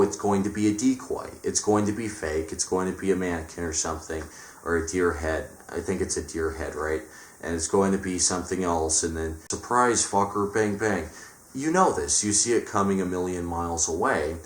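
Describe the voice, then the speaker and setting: A man's voice: low-pitched, fairly bright tone, echoey room. A man reviewing a film in a profane, sarcastic, exasperated rant.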